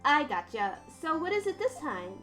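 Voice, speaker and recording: A woman's voice: high voice, very animated, moderate pace, a bit bright. A woman voicing a bubbly teenage girl who teases her older sister in a perky way. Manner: perky, teasing. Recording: game music behind.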